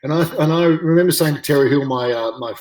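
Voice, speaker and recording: A middle-aged Australian man telling a story in an interview, halting and full of fillers and repeated words. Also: a little high, darkish tone. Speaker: interview guest, former rugby league player. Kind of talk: casual chat, storytelling. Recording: roomy, distant mic.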